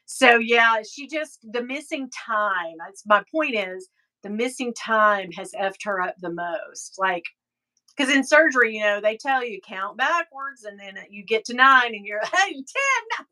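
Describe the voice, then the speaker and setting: A woman's voice: mid-range voice, measured pace, pushed and bright. A middle-aged woman hosting a live stream, chatting casually, telling stories and reading out viewer comments. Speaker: livestream host.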